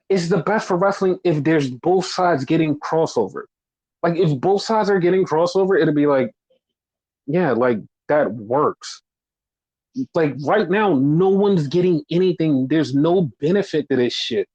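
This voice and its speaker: A man's voice: a little high, normal speed, a little mellow. Ranting man, profane and sarcastic. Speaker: podcast host. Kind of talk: casual chat. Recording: dull lo-fi audio.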